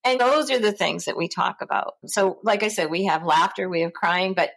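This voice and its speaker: A middle-aged woman, a guest in an interview, telling stories in a lively way and acting out the people she quotes. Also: fairly low pitch, moderate pace. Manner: animated, acts out quoted voices. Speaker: guest, founder of a parent support center. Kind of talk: conversational interview storytelling.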